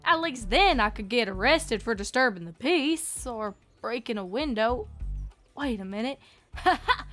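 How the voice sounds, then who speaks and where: With a fairly high pitch, lively intonation and a slightly bright tone, a woman voices a young female farm pony who plays at being an outlaw in a fanfic audiobook. At a measured pace she grumbles and brags in a Southern drawl, faint music playing behind.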